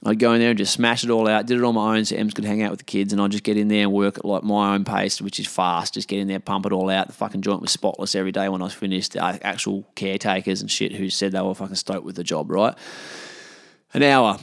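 Blunt, swearing Australian bloke. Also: male voice, lowish voice, level tone, fast, vocal fry, no echo, clean studio sound. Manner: blunt, profane, rambling. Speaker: storyteller. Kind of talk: casual anecdote.

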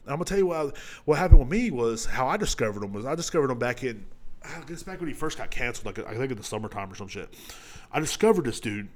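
A man's voice: mid-range voice, animated, fast. A man hosting a solo podcast, talking in a profane, rambling, opinionated rant. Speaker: podcast host.

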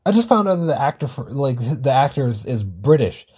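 A man's voice: medium pitch, sing-song, brisk, mellow, breathy edge. A man hosting a solo podcast, talking in a rambling casual way, swearing and correcting himself often. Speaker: podcast host.

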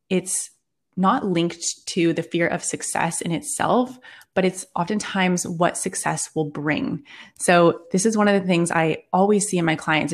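A woman coach explaining ideas earnestly as a guest on a podcast interview. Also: on the low side.

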